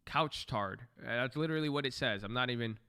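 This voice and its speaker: A man riffs loosely through a live trading stream, thinking aloud, joking and swearing. His voice is bright and forward, and his pitch is moderate for a man. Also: a little fast, creaky, clear, resonant tone.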